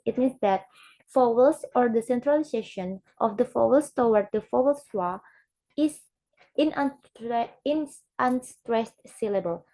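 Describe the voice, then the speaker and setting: A young woman, a student giving a class presentation, who talks haltingly and repeats example words aloud. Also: fairly high pitch, warm tone, rough recording. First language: Indonesian.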